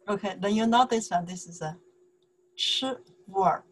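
A woman's voice: mid-range voice, takes it slowly, pauses often, slight background noise. A woman with a Mandarin Chinese accent teaching a language lesson in English, patiently repeating phrases and checking in with "okay?".

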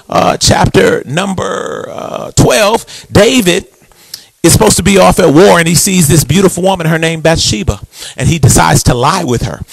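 A male pastor preaching a sermon, dramatic and call-and-response, with shouted peaks, sung phrases and quick, low storytelling stretches. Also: gravelly, no echo.

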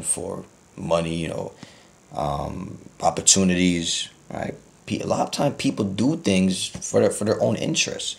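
A man's voice: sits low, creaky. A man preaching a Bible lesson, asking his listeners questions and often repeating his words as he goes. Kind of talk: sermon teaching.

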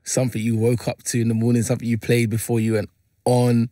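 A man hosting a radio interview, giving short, encouraging replies and asking quick questions. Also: mid-range voice, monotone, dark tone, no echo, studio quality. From England. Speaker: radio host. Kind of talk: interview host, casual. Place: radio studio. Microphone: studio microphone.

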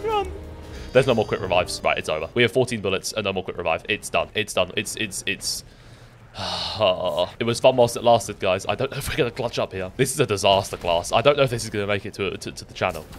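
A young man commentating his own gameplay, excitable, swearing and talking to himself. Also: lowish voice, fast talker, faint music behind. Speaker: gaming YouTuber.

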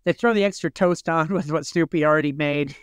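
A man's voice: fairly high pitch, fairly quick, clean tone, no echo, studio quality. A man from Michigan co-hosting a casual podcast, telling a playful story that rambles along. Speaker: podcast co-host. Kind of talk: casual chat.

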